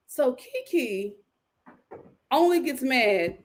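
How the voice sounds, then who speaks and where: Animated woman doing a chatty TV recap. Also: sits high, slow pace. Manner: animated, acts out cast members' lines with big vocal swings. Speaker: reality TV recap host. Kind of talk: casual recap commentary.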